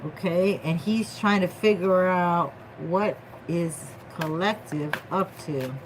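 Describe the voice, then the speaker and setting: A woman's voice: lowish voice, slow, a little hiss or hum, low-quality recording. A woman doing a casual tarot reading vlog, playful and slangy, joking with her viewers. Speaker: tarot reader.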